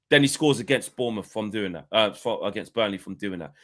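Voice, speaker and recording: A man's voice: medium pitch, sing-song, brisk, fairly bright tone. A man co-hosting a casual live football chat. He swears freely and acts out players' rants. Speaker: football podcast co-host.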